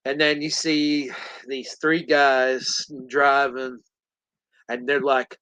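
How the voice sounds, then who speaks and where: A man hosting a podcast, recapping a film in animated, casual storytelling full of laughter. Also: mid-range voice, takes it slowly, clear, resonant tone, dry recording, poor audio. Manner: animated storytelling, laughs often, acts out scenes. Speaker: podcast host.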